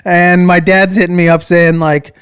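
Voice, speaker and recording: A man with a high, smooth voice co-hosts a podcast. He talks in casual comedic chat, putting dry questions and rambling on. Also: little pitch movement, moderate pace, a bit bright. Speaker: podcast co-host.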